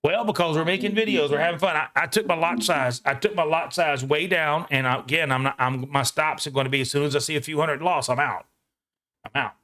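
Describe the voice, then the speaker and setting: A man hosting a live trading session from home, thinking out loud about each trade in an excitable, casual way with the odd swear. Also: a little high. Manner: excitable, talks fast to himself while trading, swears casually.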